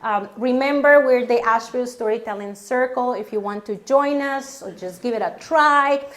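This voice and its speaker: A woman storyteller performing live, self-mocking and animated, acting out her own panic with laughter. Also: on the high side, moderate pace. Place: storytelling venue stage.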